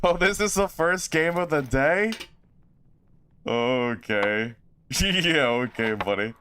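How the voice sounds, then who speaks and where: Male game streamer, excitable, slow unhurried talk, faint noise behind. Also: a little high. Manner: excitable, exclaims and laughs often. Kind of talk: casual gameplay streaming.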